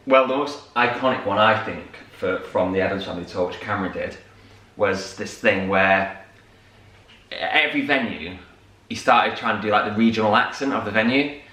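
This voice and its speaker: Male co-host, casual rambling storyteller, bright tone, roomy distant sound. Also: fairly low pitch, moderate pace. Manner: chatty storyteller, many fillers. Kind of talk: casual morning chat. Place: home room. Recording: echoey room, mic at a distance.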